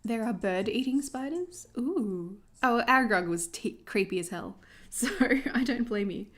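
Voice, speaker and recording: A woman's voice: on the high side, animated, measured pace. A young Australian woman hosting a journaling livestream, chatting casually with viewers while she paints, laughing often.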